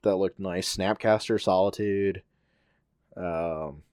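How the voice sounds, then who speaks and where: A low-voiced man talking into a computer mic on a video call, with a dry sound and no room echo. He chats casually about the games, hesitating often and repeating his words. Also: steady tone, takes it slowly, darkish tone, clear, resonant tone. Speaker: podcast co-host. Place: home, remote call.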